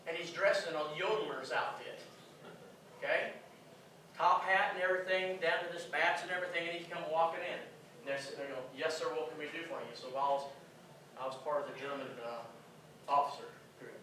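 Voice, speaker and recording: A man's voice: on the high side, fairly even intonation, brisk, bright, forceful tone, a little hiss or hum. A man giving an emphatic conference lecture, firing rhetorical questions at the audience. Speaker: conference speaker. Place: conference hall. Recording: echoey hall, distant mic.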